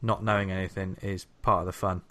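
An eager male podcast co-host who speaks rapidly in a low register. He keeps the chat moving and talks straight to the audience. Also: little pitch movement, fairly bright tone. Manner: enthusiastic, talks quickly, hosts the segments. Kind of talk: casual chat.

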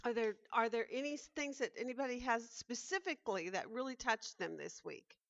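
A woman's voice: on the high side, lively intonation, brisk, gravelly, fairly bright tone, dry recording. A woman teaching a Bible study lesson, earnest and thoughtful, reading a story aloud and reflecting on it, in a dull, dry recording.

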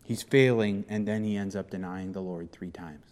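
A man preaching a sermon as pastor, animated and acting out the speakers in the scripture passage. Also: deep voice, normal speed, in a large hall.

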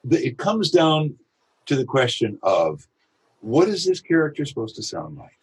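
A man's voice: medium pitch, sing-song. A man, a voice actor, talking through his craft in a podcast interview, reflective and full of examples. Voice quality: husky. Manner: reflective, explains with examples and quick imitations. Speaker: voice actor guest.

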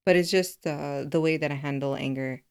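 A woman co-hosting a casual chat, talking things through out loud and laughing often. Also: low voice, brisk, vocal fry, smooth. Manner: expressive and laughing, talks things through aloud. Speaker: podcast co-host.

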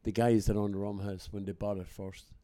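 A man's voice: fairly low pitch, a little fast. An older Irish man hosting a podcast, telling jokes and acting out the people he quotes. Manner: animated joke-teller, acts out quotes. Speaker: podcast host. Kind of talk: casual storytelling chat.

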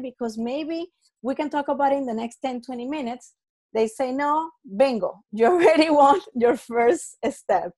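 A podcast host with a fairly high voice talks through her points in a loose, chatty way. She laughs easily and acts out quick bits of dialogue to make a point. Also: darkish tone. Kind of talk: casual podcast explainer.

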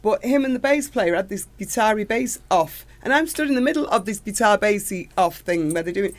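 A middle-aged singer from Manchester talks in a casual interview, her plain throughout. She rambles from one excited story to the next, gushing with delight. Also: medium pitch, brisk.

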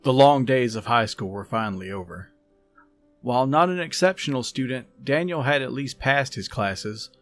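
Calm male storyteller host. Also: mid-range voice. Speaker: podcast host and story reader. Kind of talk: scripted story narration.

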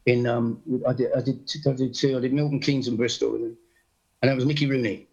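Gravelly English man telling showbiz stories. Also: mid-range voice, a little fast, muffled recording. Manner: animated storyteller, acts out quotes. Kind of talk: casual chat, anecdotes.

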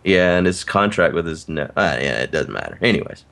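A man on a casual podcast, telling animated stories and laughing often. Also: deep voice, a little fast, creaky. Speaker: podcast co-host.

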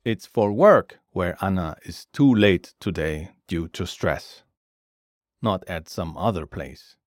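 A man teaching a grammar lesson in a scripted, measured way, giving each word and then its translation. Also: deep voice, no echo, clean studio sound. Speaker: language teacher.

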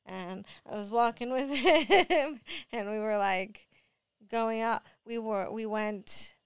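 A young woman and mother telling a rambling, animated story full of fillers, sounding drowsy. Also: a little high, slow pace, clear, resonant tone, dry recording, studio quality. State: drowsy from allergy medicine. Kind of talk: casual storytelling vlog.

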